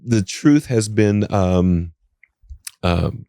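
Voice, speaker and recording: Low-voiced Appalachian man, rambling storyteller. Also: very slow, mellow, no room sound, studio quality. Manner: rambling, with many restarts and "you know"s; voice jumps up high when quoting others. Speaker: psychic guest. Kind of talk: casual storytelling interview. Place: podcast studio.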